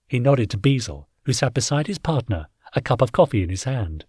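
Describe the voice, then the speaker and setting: Husky-voiced male audiobook narrator. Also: medium pitch, big pitch swings, a little fast, hardly any pauses, a little mellow, no echo, clean studio sound. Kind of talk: scripted narration.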